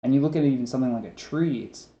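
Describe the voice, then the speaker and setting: A man's voice: medium pitch, rapid-fire, dark tone. Rambling man with lisping s sounds. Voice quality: trouble with s sounds. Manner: rambling, filler-heavy storytelling. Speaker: podcast guest. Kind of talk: casual chat. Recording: roomy, dull lo-fi sound with faint noise.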